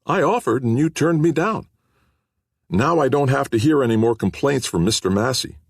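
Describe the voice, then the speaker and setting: A man's voice: mid-range voice, animated, normal speed, gravelly, dry recording, clean studio sound, pitched above the performer's own voice. A man reading an audiobook, voicing a defiant teenage boy who talks in a blunt, flippant, stubborn way.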